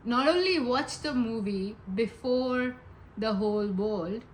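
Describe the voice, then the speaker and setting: A woman's voice: fairly high pitch, takes it slowly, slight background noise, rough recording. A woman giving a casual pick-a-pile tarot reading, chatty and giggly, rambling with many asides. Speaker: tarot reader.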